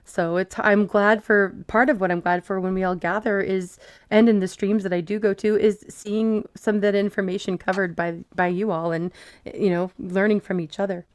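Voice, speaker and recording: A woman's voice: medium pitch, fairly even intonation, normal speed, no echo. Woman hosting a casual chat stream. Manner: rambling, reads out chat comments. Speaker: host.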